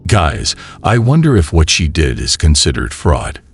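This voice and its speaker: A man's voice: extremely low pitch, wildly swooping pitch, a little slow, heavy background noise. A man narrating a reaction commentary with wry, moralizing asides.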